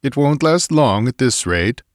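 A man voicing a calm, practical Swedish adventurer who talks in a brisk, matter-of-fact way, in a spoken-word story reading. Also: mid-range voice, no echo, clean studio sound, voice pushed up, lightly acted.

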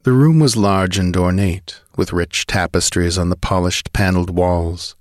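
A man narrates an adventure story with a steady, measured delivery. His voice sits low and deep, recorded close and dry with no room sound. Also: no room sound. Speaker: audiobook narrator.

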